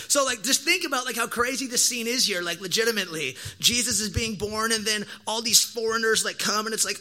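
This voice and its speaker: A young man gives a casual sermon in a high, brightly ringing voice. He talks in slangy, animated bursts and acts out lively quoted asides as he tells his stories. Sometimes he slows down to make a point. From Oregon, USA. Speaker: pastor.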